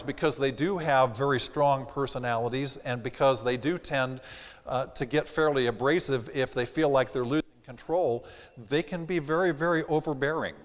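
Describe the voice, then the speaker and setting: A man in the middle of his range teaches a sales seminar from a theater stage, with a slight Southern accent. He is animated and slips into quick impressions of the people he describes. His voice rings out with the long reverb of the hall. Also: medium pitch. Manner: animated, acts out quoted customers. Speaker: sales trainer. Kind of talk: live seminar presentation.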